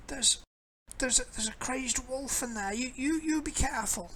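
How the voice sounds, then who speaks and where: A woman's voice: high voice, moderate pace, crowd noise, voice pushed up, natural voice, low-quality recording. A woman voicing a bent, fearful old village woman who stammers and repeats her words. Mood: warning.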